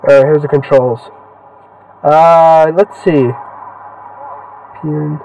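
A young man giving casual, swear-filled commentary while playing a video game, excitable and heckling the characters on screen. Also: on the high side, takes it slowly, distant mic, dull audio. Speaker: gaming channel host.

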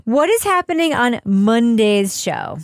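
Woman host, high voice, chatty and self-mocking, dry close sound. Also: sing-song, measured pace, no room sound. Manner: giggly, rambling, self-deprecating. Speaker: podcast host. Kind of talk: casual chat.

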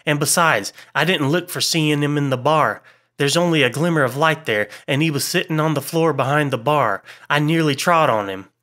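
A man's voice: on the high side, normal speed, fairly bright tone, voice pushed up, close to an everyday voice. A man voicing a timid young male waiter who drops his h's and sounds jittery. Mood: scared.

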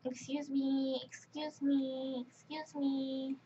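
High-voiced woman commenting on a game. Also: level tone, slow pace, background noise. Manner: chatty, exasperated running commentary. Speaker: gaming channel host. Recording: dull lo-fi mic with faint keyboard clicks.

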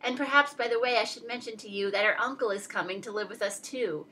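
A woman's voice: fairly high pitch, fast, sharp tone, breathy edge. A woman voicing a brash, pushy little male songbird in a storybook read-aloud, chirpy and presumptuous.

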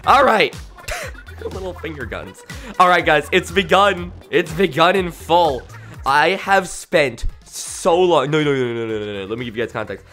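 A man's voice: a little high, animated, a little slow, sharp tone, soft background music. A young man casually streaming a game, tired with a worn voice, loopy and rambling, laughing often.

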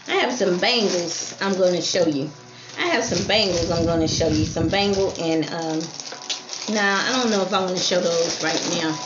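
A woman's voice: on the low side, normal speed, background noise. A woman selling jewelry on a live stream, repeating item numbers and praising each piece as lovely. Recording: roomy lo-fi stream with faint music.

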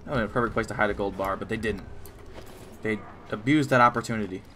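A man's voice: on the low side, fast, fairly bright tone, slight background noise. A man hosting a game playthrough, chatting casually and bantering playfully with his co-player. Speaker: let's play host. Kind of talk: casual gameplay chat.

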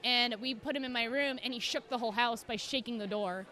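Young woman, podcast guest, high and bright, animated storyteller who acts out quotes. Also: brisk. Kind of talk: casual chat.

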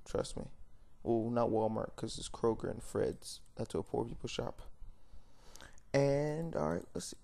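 A young male vlogger rants unscripted to the camera, blunt and rambling, full of fillers and self-corrections. His mid-range voice is unhurried, creaky, and mellow.

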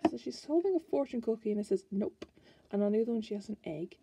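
A woman's voice: fairly high pitch, lively intonation, fast talker, creaky, background noise. An Irish woman chatting casually as she flips through a card deck, musing aloud and restarting her sentences. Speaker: tarot card reviewer.

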